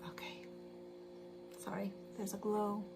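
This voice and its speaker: A gravelly, medium-pitched woman's voice, level in tone and slow, belongs to a sewing livestream host. She chats casually with viewers, talks through each step aloud and laughs often, with a sewing machine audible in the noisy recording.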